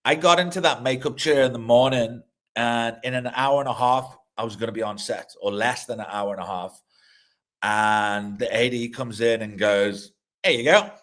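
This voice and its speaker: With a mid-range, fairly bright voice at a moderate pace, this middle-aged man talks casually as an interview guest. He's a director and actor who swears freely, starts sentences over, and breaks into laughter partway through stories.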